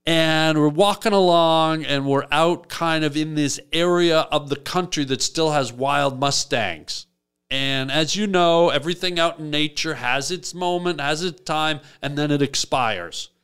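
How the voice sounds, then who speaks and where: A man hosting a comic call-in show, telling absurd stories in a deadpan rambling way. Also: a little high, unhurried, clean tone. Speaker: radio call-in host. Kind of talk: comic radio storytelling.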